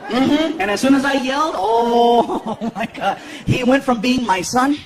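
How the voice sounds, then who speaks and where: A man with a very high speaking voice doing stand-up on a live stage, animated and playful in his storytelling. He talks into a handheld mic over loud, constant crowd laughter and noise. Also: measured pace. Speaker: stand-up comedian. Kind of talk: stand-up comedy.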